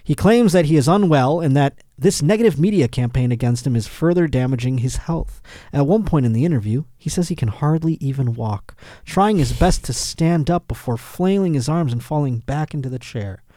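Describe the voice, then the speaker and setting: A man's voice: a little high, expressive, normal speed, mellow, no echo, studio quality. A man hosting a comedic podcast, riffing on odd news stories and laughing often. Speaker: podcast host.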